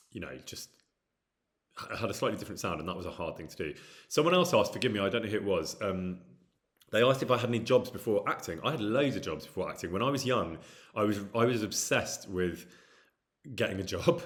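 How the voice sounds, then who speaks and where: A middle-aged man with a light Midlands accent, chatting casually and candidly as he answers viewer questions, with frequent ums and restarts. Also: low-pitched. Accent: light Midlands English. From England. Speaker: actor streaming with chat.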